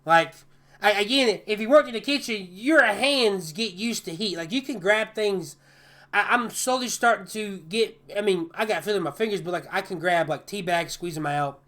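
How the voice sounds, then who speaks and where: A man who works as a chef, telling stories in a casual podcast chat in an animated way, often repeating and restarting his words. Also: sits high, moderate pace.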